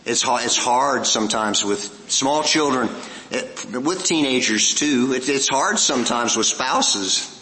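A male preacher delivers a sermon in a bright, forceful voice that rings with the long reverb of a large hall. He speaks earnestly, asks his listeners questions and repeats key lines for weight. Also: medium pitch, unhurried, a little hiss or hum.

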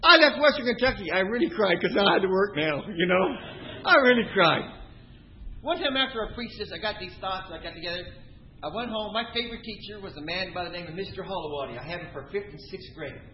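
A middle-aged male preacher with a high voice, preaching through personal stories. He moves between loud, emphatic lines and soft, quiet asides. The recording sounds dull and lo-fi. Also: animated, brisk, a little hiss or hum. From Canada. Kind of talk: sermon.

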